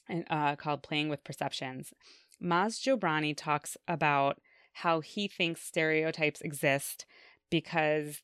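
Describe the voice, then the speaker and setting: A woman with a very low, smooth voice leads a casual discussion and reads out the questions. She talks in an emphatic, animated way, and her voice is recorded dry and close. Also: no room sound. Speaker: discussion host reading questions.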